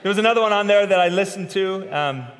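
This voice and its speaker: A middle-aged pastor with a somewhat high voice delivers a sermon, chatty and quick to poke fun at himself. His words ring out with the long reverb of a large church sanctuary. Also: fairly bright tone. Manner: conversational, self-deprecating humor. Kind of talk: sermon with personal stories.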